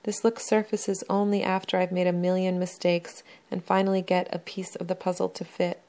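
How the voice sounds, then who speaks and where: Low, gravelly woman reading a memoir. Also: level tone, moderate pace, mellow. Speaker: narrator reading her own memoir. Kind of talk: first-person memoir reading.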